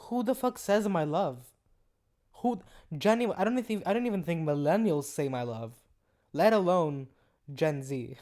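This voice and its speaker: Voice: mid-range voice, animated, moderate pace, mellow. A young adult podcast host giving casual commentary while reading out messages, sarcastic, profane and incredulous.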